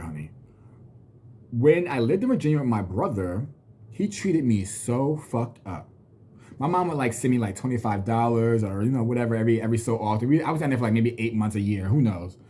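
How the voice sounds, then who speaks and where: Pausing often but staying animated at a moderate pace, this man in his thirties vents a personal story to his camera with plenty of profanity and bluntness. His medium-pitched voice is warm and slightly rough, and he mimics people in mocking quoted voices.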